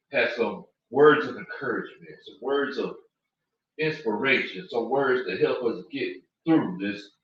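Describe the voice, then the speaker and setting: A man's voice: medium pitch, sharp tone. A man hosting a comedic sports talk show in a folksy, upbeat way. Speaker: host, former football coach. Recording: echoey room, distant mic, muffled.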